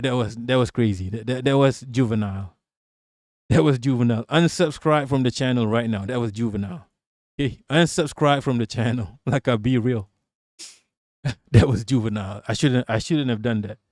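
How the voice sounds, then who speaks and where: A man's voice: medium pitch, darkish tone, no echo, clean studio sound. A man hosting a casual livestream, talking in a profane, rambling way and laughing often. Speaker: streamer host.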